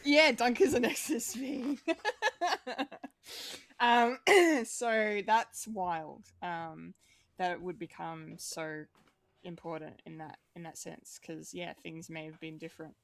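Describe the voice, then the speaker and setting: A woman's voice: fairly low pitch, fairly even intonation, slow, vocal fry, no echo. A woman co-hosting a podcast, chatting casually in a rambling way, with lots of fillers, restarts and swearing. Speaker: podcast co-host.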